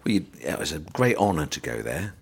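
A man's voice: a bass voice, brisk, creaky, slightly rough. A middle-aged man with an English accent, telling old work stories on a podcast and acting out the voices of the people in them. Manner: animated anecdotes, acts out voices. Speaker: podcast guest. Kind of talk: casual storytelling chat.

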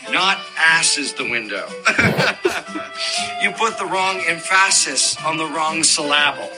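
A man's voice: on the high side, animated, takes it slowly, poor audio. An actor playing a fussy male instructor who corrects someone's pronunciation, heard in a film clip. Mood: correcting. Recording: film clip with music underneath.

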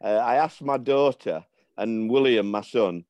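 A man's voice: mid-range voice, a little slow, darkish tone, no echo. A middle-aged man, an interview guest, telling stories in a rambling way with frequent restarts. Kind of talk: casual storytelling.

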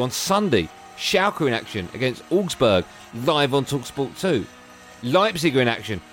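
Chatty male radio host. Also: medium pitch. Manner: jokey, chatty. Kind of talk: casual radio chat.

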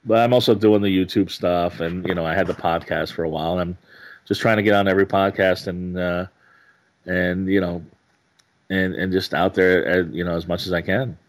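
Very deep-voiced rambling male comic. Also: fairly even intonation. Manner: rambling, halting, many restarts. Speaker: stand-up comedian, guest. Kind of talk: casual podcast interview.

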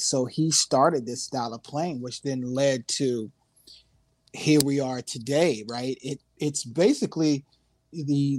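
A man from Newark, New Jersey, as a guest musician telling loose, animated stories with street slang in a casual interview. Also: mid-range voice, no echo.

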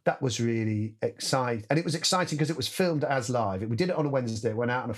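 With a mid-range voice and a quick pace, this man is a musical director chatting as a guest. His casual anecdotes are lively, full of imitated voices and sounds.

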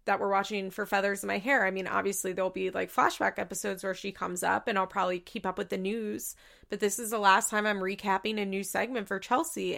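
A young woman talks through a reality show recap in loose, rambling casual chat, peppering her sentences with "like" and restarting her thoughts. Her voice sits at a middle pitch with a strong vocal fry, and she comes across as openly emotional and quick to laugh. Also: a bit bright. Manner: chatty, rambling, full of "like" and self-corrections.

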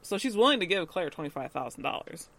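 A man co-hosting a podcast and recapping an episode in casual chat. He is animated, laughs often and acts out the characters' lines. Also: fairly high pitch, fast talker, gravelly, no room sound.

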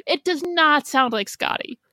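Bright-voiced woman chatting on a podcast. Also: sits high, a little slow, no room sound. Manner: animated, amused, laughs a lot. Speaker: podcast co-host. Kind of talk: casual chat.

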